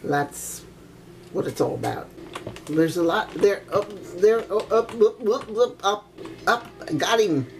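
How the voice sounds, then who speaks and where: A woman's voice: mid-range voice, animated, a little slow, creaky, background noise. An older grandmother casually commenting as she plays a video game, chatty and exclamatory, with old-fashioned oaths and frequent giggles. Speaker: gaming grandmother.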